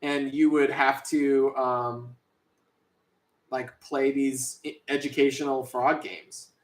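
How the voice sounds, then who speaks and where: A man's voice: mid-range voice, little pitch movement, takes it slowly, reverberant. A man streaming while drawing, chatting casually and playfully with his viewers and co-host. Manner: chatty, playful, talks to chat. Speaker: streamer and artist.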